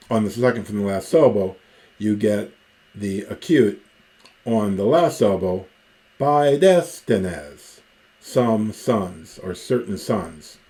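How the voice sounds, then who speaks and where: Male teacher, deep voice, unhurried and methodical, lecture delivery with frequent pauses. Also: dark tone. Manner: slow, methodical, pausing often with ums. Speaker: Greek teacher. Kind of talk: recorded grammar lecture.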